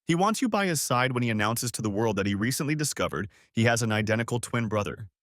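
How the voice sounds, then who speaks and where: A man's voice: medium pitch, very animated, fast talker, a bit bright, dry recording, clean studio sound. A man putting on a gushing, money-dazzled young wife. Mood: thrilled. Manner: gushing, breathless questions. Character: excited young woman, wife dazzled by wealth.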